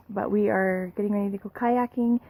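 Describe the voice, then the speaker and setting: A woman's voice: mid-range voice, dark tone, no echo, rough recording. A woman chatting casually in a vacation vlog, bubbly and full of "little" and "like", touring a small cabin. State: morning voice. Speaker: vlogger.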